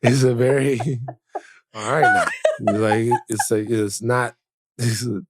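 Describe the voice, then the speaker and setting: A man's voice: mid-range voice, measured pace, background noise. A man co-hosting a podcast, telling stories in loose, rambling casual chat, laughing and swearing freely. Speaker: podcast co-host. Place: studio.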